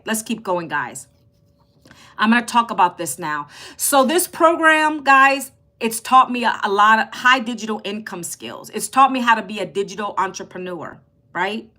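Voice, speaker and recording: A woman's voice: fairly high pitch, bright, forceful tone. A woman in her fifties hosting a live stream, chatting casually with her viewers and reading out their comments. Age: 50s.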